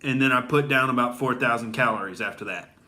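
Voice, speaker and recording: Bright-voiced rambling comedian man. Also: mid-range voice, fast talker. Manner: rambling bro talk, peppered with "all right?" and "dude". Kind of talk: stand-up style comedy rant.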